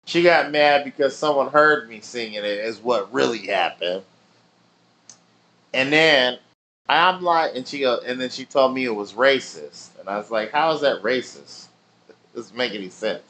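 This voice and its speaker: A man chatting casually with his stream viewers. He rambles through his stories in loose slang, swearing freely, at a middle pitch for a man. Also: a bit bright. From family in Nigeria.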